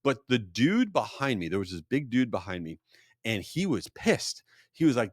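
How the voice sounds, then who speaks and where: A man's voice: mid-range voice, normal speed, no room sound. A man hosts a podcast in a loose, rambling monologue. His voice swings up and down with lots of life, and he pokes fun at himself as he goes. The sound is close and dry, with no room around it. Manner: animated, rambling and self-deprecating. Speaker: podcast host. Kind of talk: casual storytelling monologue.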